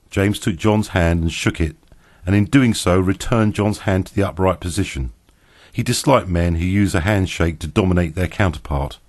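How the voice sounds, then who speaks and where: A man narrating an audiobook in a steady, even reading. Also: low voice.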